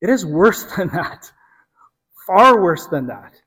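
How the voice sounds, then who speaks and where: A man preaching a sermon, telling the story dramatically and with emphasis, sometimes dropping to a hush. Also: high voice, very animated, slow, husky, in a large hall, rough recording. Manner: dramatic storytelling, emphatic, drops to hushed tones.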